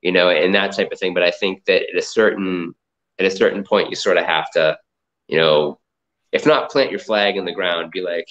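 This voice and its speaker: A man's voice: low-pitched, fairly even intonation, normal speed, a bit bright. A man from the Boston area, a guest on an interview over a video call, telling stories in a loose, rambling way full of fillers and restarts. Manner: rambling, filler-heavy storytelling. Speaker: guest, comic art collector and entrepreneur. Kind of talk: casual interview chat. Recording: dull lo-fi audio.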